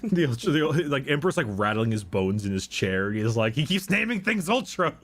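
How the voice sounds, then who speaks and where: An animated man explaining lore in casual storytelling chat. His pitch moves a lot as he reads quotes and acts out characters. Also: brisk.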